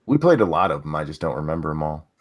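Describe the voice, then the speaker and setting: A man co-hosting a casual chat, talking haltingly and stammering as he starts his sentences. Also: very deep voice, big pitch swings. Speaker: podcast co-host.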